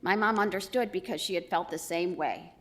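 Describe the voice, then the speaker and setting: A middle-aged woman giving a eulogy for her mother, telling stories with gentle humor. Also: lowish voice, a little fast. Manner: warm storytelling with gentle humor. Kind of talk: funeral eulogy.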